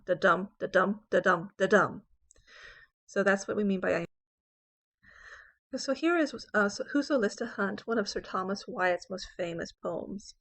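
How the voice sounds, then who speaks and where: A woman English professor with a gravelly, medium-pitched voice gives a recorded lecture on poetry. She explains things step by step, often saying "okay" between points.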